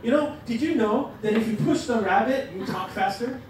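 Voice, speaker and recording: A man leading a teaching workshop, lively and joking as he demonstrates to the audience. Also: extremely high pitch, normal speed. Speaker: workshop presenter. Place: lecture room. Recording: echoey hall from a distance, noisy.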